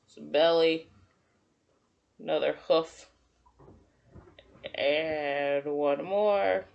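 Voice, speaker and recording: A woman teacher giving a gentle, encouraging drawing lesson to young children and talking through each step as she draws. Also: sits low, extremely slow, gravelly, highs cut off. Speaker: kindergarten teacher.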